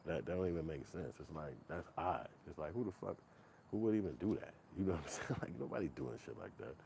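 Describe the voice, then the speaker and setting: Deep-voiced animated man ranting casually. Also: fast talker, vocal fry, background noise. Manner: animated, profane, acts out quotes in put-on voices. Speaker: commentator. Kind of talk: casual reaction commentary.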